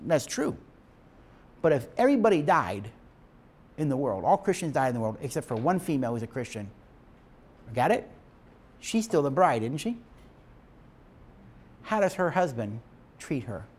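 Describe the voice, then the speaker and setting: A man's voice: mid-range voice, very animated, moderate pace, pauses often, a little mellow, husky. A man giving a lecture to couples, speaking in an emphatic, preacher-like way and asking his class questions. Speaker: marriage teacher.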